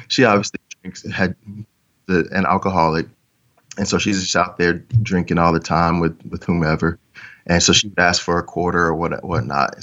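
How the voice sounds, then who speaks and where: A man's voice: low-pitched, a bit bright, muffled recording. A man interviewed as a podcast guest, telling a story in an earnest, reflective way with trailing restarts.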